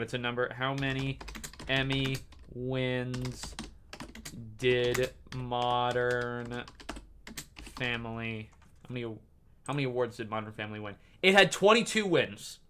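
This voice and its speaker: A young man in his twenties hosting a casual solo podcast, gushing excitably and swearing as he talks. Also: mid-range voice, a little hiss or hum. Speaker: podcast host.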